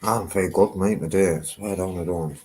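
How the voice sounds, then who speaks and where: A man's voice: deep voice, steady tone, brisk, noisy background. A man with a Teesside accent, swearing a lot as he chats brashly on a live stream from his loft. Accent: Teesside English. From Northeast England. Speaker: livestream host. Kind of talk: casual live-stream chat. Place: house loft.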